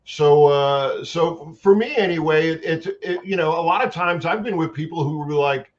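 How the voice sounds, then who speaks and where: A fairly high-voiced man tells animated anecdotes in a loose, rambling way, circling back and restarting his sentences. The sound is dull and lo-fi. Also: normal speed. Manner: animated, long-winded anecdotes with many restarts. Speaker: guest, actor and paranormal investigator. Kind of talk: casual storytelling chat.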